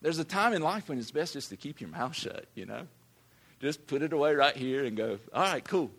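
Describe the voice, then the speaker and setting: A man's voice: medium pitch, expressive, brisk, fairly bright tone. A man, a pastor preaching a sermon in a conversational, emphatic way that often repeats words.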